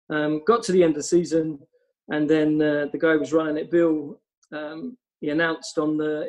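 This football coach's voice is fairly high yet darkish in tone, heard over poor audio. He rambles through long, casual podcast stories, dropping lots of ums along the way.

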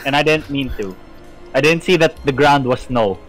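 A man playing a video game with friends, blurting out excitable reactions in casual banter. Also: medium pitch, normal speed, faint music behind. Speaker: let's play gamer.

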